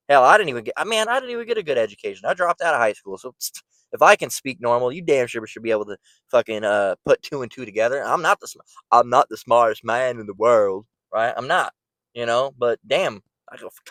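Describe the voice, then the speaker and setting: A man's voice: mid-range voice, fairly bright tone, dry recording, low-quality recording. A man giving blunt, emphatic Bible commentary, swearing freely and asking "right?" often.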